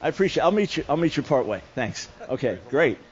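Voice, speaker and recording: A man with a fairly high voice delivers a sermon at a camp meeting. He tells stories with humor and often stumbles over restarts. The live recording sounds dull and muffled. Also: big pitch swings, quick pace, breathy edge. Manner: storytelling with humor and many restarts. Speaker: guest preacher. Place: church camp meeting hall.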